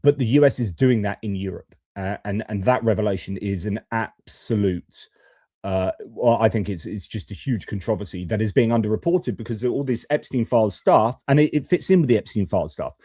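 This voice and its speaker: Male stream host, lowish voice, mellow tone, chatty and opinionated commentary. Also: fairly quick, breathy edge, dry recording, clean studio sound. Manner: chatty, opinionated, frequent fillers. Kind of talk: geopolitics live stream commentary. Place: home studio.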